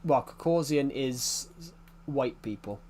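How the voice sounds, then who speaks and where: A man's voice: medium pitch, expressive, slow, a little mellow, slight background noise. A man with an English accent rambling in casual chat as a gaming YouTuber, often restarting his sentences. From United Kingdom. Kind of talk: casual chat while playing a game.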